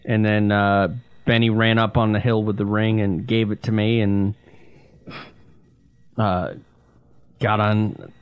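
A man co-hosting a podcast, telling a story in casual banter with dry, deadpan humor. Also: lowish voice, slow, pauses often, clear, resonant tone, no echo. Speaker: podcast co-host.

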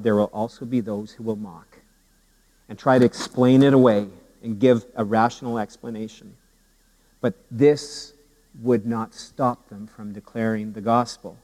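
A pastor preaching a sermon with humor and animated storytelling, often repeating his words as he goes. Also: mid-range voice, long reverb tail, low-quality recording. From Canada.

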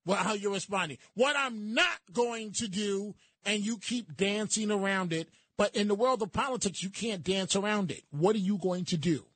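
A man's voice: high-pitched, moderate pace, hardly any pauses, a bit bright, no room sound. A man hosting a call-in radio talk show, pressing a caller with repeated interruptions.

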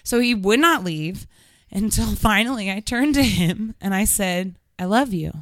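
Animated young woman telling stories, bright and crisp. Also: mid-range voice, measured pace, no room sound. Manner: animated storyteller, acts out quotes, swears freely. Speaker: podcast host. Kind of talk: casual chat. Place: Los Angeles area.

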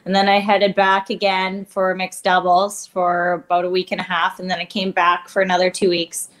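A woman's voice: lowish voice, completely flat delivery, normal speed, a bit bright. A woman from Canada, a guest in an interview, speaking openly and plainly about hard times in a candid conversation. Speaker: guest, athlete.

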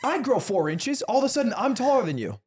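A man co-hosting a podcast, playful and quick to laugh as he argues back with friends. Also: very high voice, sing-song, darkish tone. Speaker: podcast co-host. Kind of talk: casual chat.

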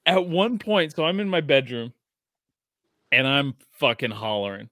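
A man in his thirties hosting a casual sports podcast, telling stories excitedly and swearing freely. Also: mid-range voice, measured pace, no echo, studio quality. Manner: excitable, profane storytelling. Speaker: podcast host.

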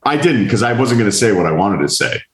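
A low-pitched man recounts a dinner story, slipping into the voices of the people he met along the way. His speech is casual and salty. The sound carries a roomy echo. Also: fast talker, a little hiss or hum. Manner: animated, mimics others in quotes, swears. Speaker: podcast host.

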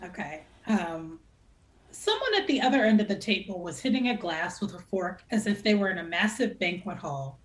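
A woman novelist reading aloud from her own novel with an expressive, dramatic delivery. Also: medium pitch, moderate pace. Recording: echoey room.

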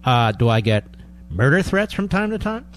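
A man's voice: medium pitch, very animated, moderate pace, faint music behind. A middle-aged man hosting a political talk radio show, combative and sarcastic, hammering his points with emphatic repetition.

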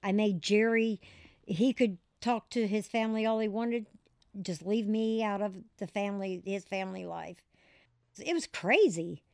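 Smooth-voiced woman telling candid stories. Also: medium pitch, unhurried, no room sound, studio quality. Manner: animated, laughs as she tells it. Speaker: interview guest. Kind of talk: candid storytelling interview.

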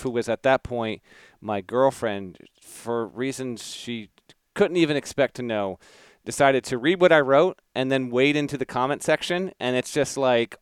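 Male podcast co-host, smooth resonant voice, dry close sound, wry delivery. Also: mid-range voice, dry recording. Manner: wry storyteller, laughing. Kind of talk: casual chat.

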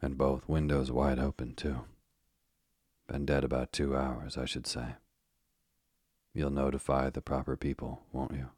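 Casting: man reading a clipped, businesslike doctor; deep, flat, husky. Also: a little slow, pauses often, dry recording, full character voice. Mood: brisk. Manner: clipped and matter-of-fact. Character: brisk matter-of-fact male doctor. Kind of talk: sleep story reading.

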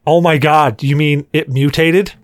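A man's voice: a little high, fairly even intonation, a little slow, no echo, studio quality. A man hosting a podcast, teasing his guests in crude joking banter. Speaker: podcast host.

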